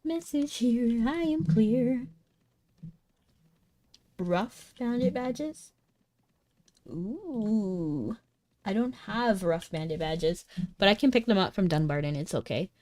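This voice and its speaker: A woman's voice: mid-range voice, lively intonation, slow pace, darkish tone. A young woman chatting casually with viewers while streaming a game, bubbly and talkative. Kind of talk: casual live-stream chat. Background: faint game music.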